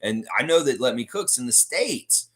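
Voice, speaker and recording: A man's voice: mid-range voice, sing-song, moderate pace, a bit bright. A Canadian man hosting a casual live stream, reading out viewer comments and rambling with many fillers and self-corrections. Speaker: podcast host.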